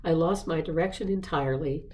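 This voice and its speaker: Brief: a woman voicing a polite, shifty foreign man, thirties, low mellow tone. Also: fairly quick, lightly acted. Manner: over-polite, foreign accent put on. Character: suave evasive foreign man in his thirties.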